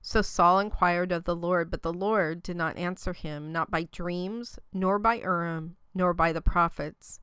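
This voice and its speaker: A woman reads scripture aloud in a steady, measured way. Her voice is low for a woman, smooth and clear. The recording is close and dry. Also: no echo. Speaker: scripture reader. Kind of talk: scripture reading.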